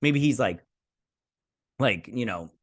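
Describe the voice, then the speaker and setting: A man's voice: medium pitch, lively intonation, slow pace. A man casually recapping and reviewing a TV episode, acting out the characters' lines and rambling with lots of fillers and restarts. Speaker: show reviewer.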